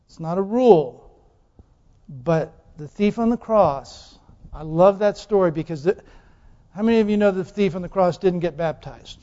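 A man's voice: high-pitched, normal speed, warm tone. A man preaching a sermon, putting questions to the congregation and repeating phrases for emphasis. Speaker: pastor. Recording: dull lo-fi sound with long hall reverb.

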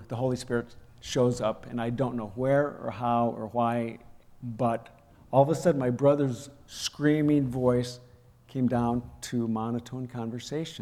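A man's voice: medium pitch, fairly even intonation, measured pace. A man preaching a sermon, telling a personal story and acting out the raised voices in it. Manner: storytelling, acts out quoted shouting. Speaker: pastor. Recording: long hall reverb.

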